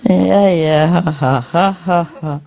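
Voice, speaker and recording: A spiritual teacher addressing a gathering in a hall tells jokes to a live audience in non-native English. She speaks slowly in a low, dark voice with vocal fry, and the highs are cut off. She laughs often at her own jokes and checks in with tags like "no?" and "eh?".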